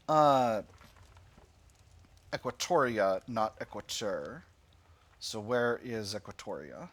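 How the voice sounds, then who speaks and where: A man's voice: expressive, slow, long pauses, fairly bright tone, slight background noise. A man giving casual commentary while playing a strategy game, musing aloud with playful asides. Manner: musing, playful asides, sudden high squeals of delight. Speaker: strategy game let's-player. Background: game music.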